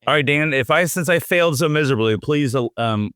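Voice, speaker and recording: A man's voice: fairly high pitch, fairly quick, fairly bright tone, dry recording, clean studio sound. A man co-hosting a podcast, chatting casually and teasing his co-host, with frequent ums and restarts. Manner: joking, teasing, many fillers and restarts. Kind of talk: casual chat.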